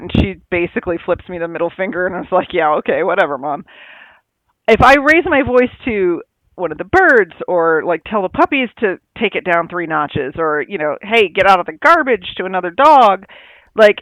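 A woman's voice: fairly low pitch, lively intonation, fairly quick, a bit bright, no room sound, low-quality recording. A woman co-hosting a casual chat about dog training, rambling and acting out her dogs' thoughts in little quoted voices.

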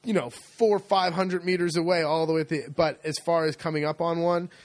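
A man's voice: fairly high pitch, steady tone, fairly quick, dry recording. A man co-hosting a podcast, explaining things in a casual, rambling way. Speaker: podcast co-host. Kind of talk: casual chat.

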